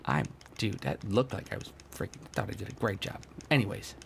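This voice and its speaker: Gravelly, excitable young gamer guy. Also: on the low side, a little fast, slight background noise. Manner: excitable, goofy, often drops to a hushed half-whisper. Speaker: let's play gamer. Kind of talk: gameplay commentary.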